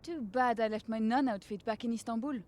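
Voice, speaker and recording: A woman's voice: a little high, fairly quick, darkish tone, lightly acted. An actress playing a teasing, sarcastic young woman in an adventure game. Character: sharp-tongued young woman, teasing sidekick.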